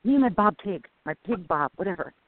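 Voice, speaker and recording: A woman co-hosting a casual faith podcast, talking excitedly and urging listeners on. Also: mid-range voice, fast talker, no room sound. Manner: excitable, emphatic, exhorting listeners. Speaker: co-host. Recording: tinny phone-like sound.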